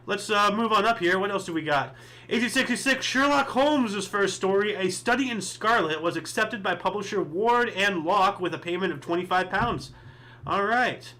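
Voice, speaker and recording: American guy hosting a history podcast, high bright voice, wanders off into rambly asides. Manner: chatty, rambling asides with many fillers. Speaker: podcast host. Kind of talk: casual history show reading events.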